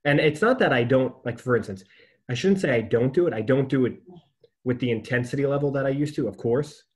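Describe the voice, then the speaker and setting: A podcast host with a medium-pitched, slightly mellow voice talks at a brisk clip. He's chatty and tells stories, laughing often through the casual conversation.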